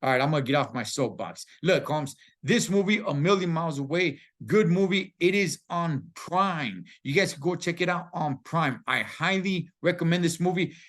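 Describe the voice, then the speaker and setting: A man's voice: fairly high pitch, lively intonation, normal speed, few pauses, a bit bright. A man giving a casual, slangy movie review that turns into an emphatic pep talk.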